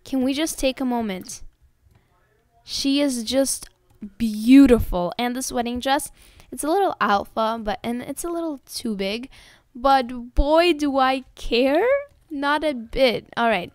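A young woman giving casual gameplay commentary, excitable and gushing as she talks to her viewers. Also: on the high side, unhurried, no echo, clean studio sound. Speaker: gaming video host.

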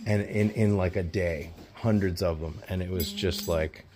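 A man with a fairly low voice hosts an on-location rescue vlog. He is chatty and earnest, and he explains care tips as he goes. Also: steady tone, normal speed, noisy background. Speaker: host of animal rescue channel. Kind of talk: casual on-location vlog chat.

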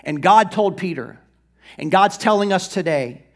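A male pastor delivers an animated sermon in a high, bright voice. He slips into quick acted-out asides for the figures he talks about. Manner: lively preaching, acts out Bible figures in quick asides.

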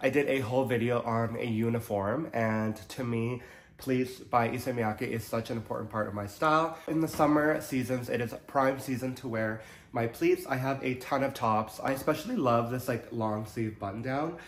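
A man's voice: mid-range voice, normal speed. A young man vlogging about fashion in a casual, chatty way, his voice nasal from allergies and full of "like" fillers. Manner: chatty, many "like" fillers, upbeat. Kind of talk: casual chat to camera. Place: Toronto.

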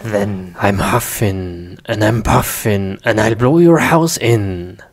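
A man voicing a big bad wolf in an amateur skit, with slow, drawn-out, mock-menacing threats. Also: on the low side. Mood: teasing menace. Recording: noisy home recording.

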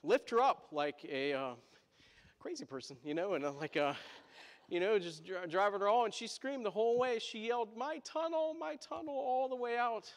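A man's voice: high-pitched, normal speed, big-room sound. A male pastor telling a story in a sermon, chatty, with asides to the congregation.

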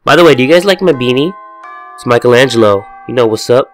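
A man's voice: medium pitch, fast, soft background music. A man hosting a let's-play video, joking and swearing while he reads the game's text aloud. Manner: animated, jokey and profane, slipping into silly voices. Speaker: gaming video host.

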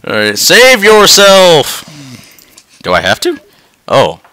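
A man swearing his way through a game, dropping to tired mutters and then yelling in excitement. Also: high voice, takes it slowly, dry recording. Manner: swearing, swinging between mutters and yelps. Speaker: gameplay commentator. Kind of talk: profane let's-play commentary.

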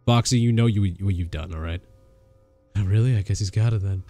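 A man streaming a horror game, excitable, swearing and laughing at the scares. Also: lowish voice, brisk, soft background music. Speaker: gaming streamer. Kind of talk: livestream horror game commentary.

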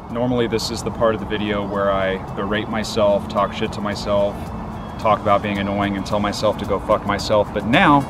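A man hosting a vlog in a casual, profane rant, excitable and jumping between loud outbursts and muttered asides. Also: lowish voice, a little fast, music in the background. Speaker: vlog host.

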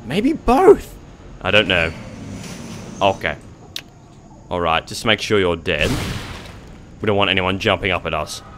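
A young man giving jokey, excitable gameplay commentary, talking back to the monsters on screen. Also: low-pitched, a little slow, long pauses, slight background noise. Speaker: let's play gamer.

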